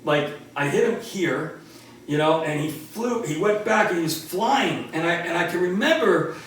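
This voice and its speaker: A man's voice: high-pitched, moderate pace. Man in his sixties, echoey room. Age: 60s. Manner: animated, laughing storyteller. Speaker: martial arts instructor. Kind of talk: casual storytelling. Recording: roomy, distant from the mic.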